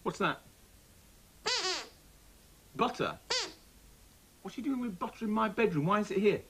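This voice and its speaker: A man's voice: high-pitched, lively intonation, measured pace, background noise. A man hosting a children's TV comedy, talking to puppets in a mock-stern, theatrical way. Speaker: children's TV host.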